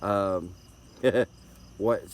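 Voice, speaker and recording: A middle-aged man with a Tennessee Southern accent and a somewhat low voice talks in a folksy, rambling way, often repeating words as he goes. He speaks casually to viewers on a live stream, picked up by a tablet's built-in mic. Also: very slow. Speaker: livestream host.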